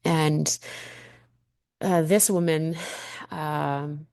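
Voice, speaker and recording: A woman's voice: low voice, steady tone, very slow, vocal fry, darkish tone, no echo, studio quality. A woman in her thirties hosting a personal podcast monologue, candid and heartfelt, swearing freely as she reflects. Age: 30s. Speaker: podcast host.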